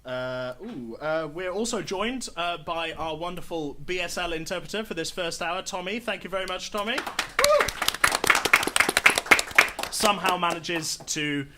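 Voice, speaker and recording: A man's voice: sits high, moderate pace, hardly any pauses, a crowd in the background, noisy background. A man hosting a live tabletop role-playing show as game master, chatty and upbeat with many fillers. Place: live stage show before an audience.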